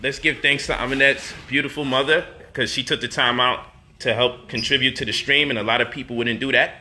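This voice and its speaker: A man's voice: mid-range voice, fairly even intonation, brisk, sharp tone. A man hosting a casual home cooking vlog in his kitchen, playful and teasing as he coos at his baby daughter. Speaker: cooking show host.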